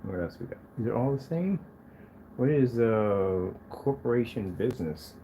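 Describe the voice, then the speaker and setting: A man testing and showing off his own projector screens, talking casually to the camera and to himself, proud and quick to defend his product. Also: medium pitch, a little hiss or hum. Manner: animated, talks to himself as he browses.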